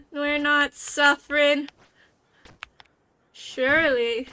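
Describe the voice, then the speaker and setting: A woman VTuber with a New Jersey accent, chatting casually with her stream chat, playful and quick to laugh. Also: high-pitched, sharp tone, slight background noise.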